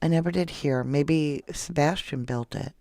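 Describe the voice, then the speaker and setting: A woman's voice: sits low, a little slow, gravelly, mellow, no echo. A woman hosting a casual true crime livestream, reading viewer comments aloud and giving blunt opinions. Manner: opinionated, blunt, reads out chat messages. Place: home.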